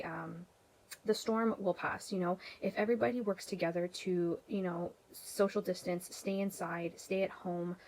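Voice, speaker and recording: A young Canadian woman vlogs casually to camera, chatty and a bit rambling, with many ums, you-knows and restarts. Her voice is on the low side, and the audio quality is poor.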